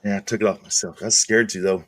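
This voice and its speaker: A man's voice: on the low side, fairly even intonation, rapid-fire, fairly bright tone, dry recording. A middle-aged man telling rambling, profane work stories in casual chat as a stream host. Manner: rambling, profane, laid-back.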